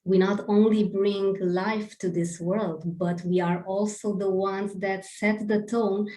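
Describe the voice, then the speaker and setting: Woman host, slow and affirming, recorded in a roomy space. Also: medium pitch, fairly even intonation, dark tone. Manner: slow, affirming, admiring of her guest. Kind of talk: interview host on a live video call. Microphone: video call. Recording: roomy video call sound.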